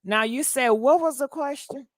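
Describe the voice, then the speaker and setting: A woman's voice: high voice, moderate pace, no echo, clean studio sound. A woman hosting a live call-in show, talking in a blunt, slangy, casual way. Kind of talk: casual live-stream chat.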